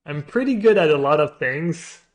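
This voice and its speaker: A man streaming a card game, thinking his moves through aloud and trailing off into quiet mutters, with joking asides to chat. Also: fairly high pitch, animated, normal speed. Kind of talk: thinking aloud while playing.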